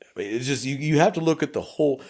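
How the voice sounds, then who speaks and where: A man's voice: medium pitch, fast talker. A man with a South Texas accent, a police officer co-hosting a podcast, telling a story with lots of profanity and acted-out dialogue. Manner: profane, animated, acts out dialogue. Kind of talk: casual storytelling chat.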